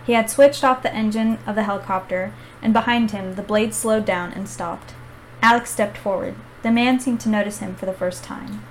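A young woman hosting a book podcast, chatty and excitable, reading narration aloud. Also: medium pitch, normal speed, slight background noise, poor audio. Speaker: podcast host. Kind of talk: casual chat and reading aloud.

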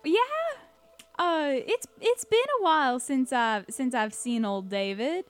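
A woman's voice: high-pitched, lively intonation, a little slow, clean tone, soft background music, voice pushed up. A woman voicing a kindly old woman who welcomes young visitors, chatty and fussing in a grandmotherly way. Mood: welcoming. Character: kindly old human woman host, long white hair.

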